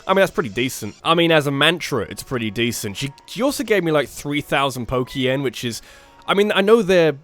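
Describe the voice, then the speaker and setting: A man's voice: fairly high pitch, animated, brisk, fairly bright tone. A young man giving jokey, self-mocking commentary as he plays through a game, swearing casually. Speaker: gaming YouTuber. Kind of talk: let's play commentary, reading game dialogue in put-on voices. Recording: faint game music behind.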